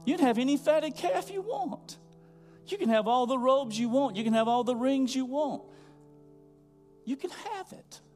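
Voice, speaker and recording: A man's voice: very high-pitched, moderate pace, darkish tone, soft background music, pitched above the performer's own voice. A man doing a generous, loving father. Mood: tender.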